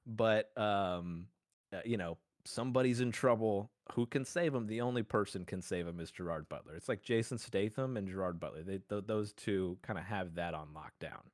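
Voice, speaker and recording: A man's voice: lowish voice, normal speed, no echo, clean studio sound. A man co-hosting a podcast, arguing his case in a playful, rambling, mock-formal way and laughing often. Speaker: podcast co-host. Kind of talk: casual mock-courtroom argument.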